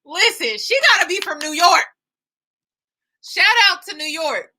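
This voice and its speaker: A woman hosting a live reaction stream, chatting casually and giving shout-outs to her viewers. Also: very high voice, very animated, a little slow. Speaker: YouTube host reacting live.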